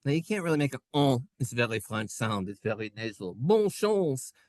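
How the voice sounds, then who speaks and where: A man teaching a Hebrew class, playful and sing-song, sounding out letters and syllables slowly for his students. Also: mid-range voice, lively intonation, no echo. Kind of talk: classroom lesson. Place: synagogue classroom.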